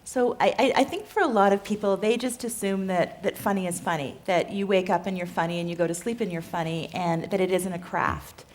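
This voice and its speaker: A woman's voice: fairly low pitch, a little fast, few pauses. A woman hosting a live onstage interview, asking earnest, thoughtful questions with a few restarts. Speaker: interviewer, host.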